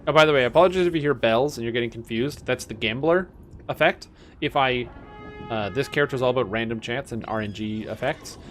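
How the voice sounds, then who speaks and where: A young man streaming a game, chatting casually with amused, excitable bursts. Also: medium pitch, fairly quick, faint music behind. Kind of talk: casual gameplay commentary.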